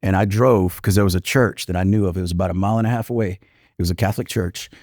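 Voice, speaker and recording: A man's voice: low-pitched, fairly even intonation, fast talker, a little mellow, no echo, studio quality. A man in his fifties, a retired police commander and podcast guest, telling a personal story in an earnest, reflective way with many "you know" fillers.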